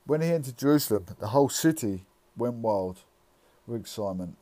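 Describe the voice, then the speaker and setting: A man reading scripture aloud, halting, with frequent slips and restarts. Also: fairly low pitch, dark tone. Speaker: scripture reader.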